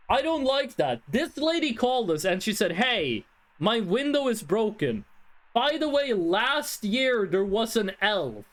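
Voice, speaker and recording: A streamer giving live game commentary, thinking aloud and swearing in an animated way. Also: mid-range voice.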